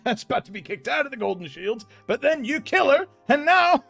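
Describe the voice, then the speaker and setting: A man voicing a loud, drunken, barrel-chested brute who bellows and swears. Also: very high voice, sing-song, a little fast, creaky, soft background music, voice pushed up, exaggerated voice. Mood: drunken cheer. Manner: bellowing, shouting. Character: loud drunken burly middle-aged man, brash.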